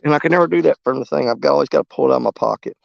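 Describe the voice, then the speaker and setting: A man of medium pitch with vocal fry races through casual fishing-stream chat on a riverbank, easygoing and rambling as he greets viewers by name. The recording sounds dry and dull.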